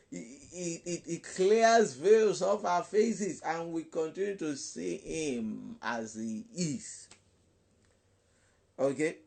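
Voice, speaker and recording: A man's voice: on the high side, gravelly, a little mellow. Emphatic Nigerian man preaching on a live chat. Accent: Nigerian English. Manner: emphatic, repeats words, breaks into Pidgin. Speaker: gospel DJ. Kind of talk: spontaneous preaching-style live online chat.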